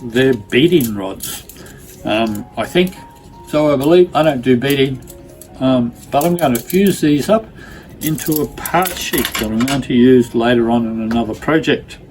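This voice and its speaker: A man with a croaky voice, talking casually and hesitantly as he hosts a glass fusing tutorial, often pausing on ums and uhs. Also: mid-range voice, a little mellow, faint music behind, poor audio. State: croaky voice from lingering illness.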